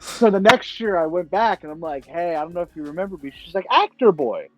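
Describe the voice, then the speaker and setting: A young man hosting a casual chat, telling lively anecdotes and acting out the voices of people he quotes. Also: high-pitched, quick pace, music in the background. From United States. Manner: animated storyteller, acts out quoted voices. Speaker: podcast host.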